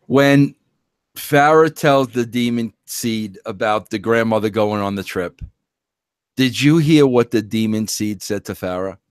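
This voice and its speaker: A man's voice: on the low side, measured pace, smooth, no room sound. A man hosting a casual gossip chat, asking emphatic, incredulous questions. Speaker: podcast host.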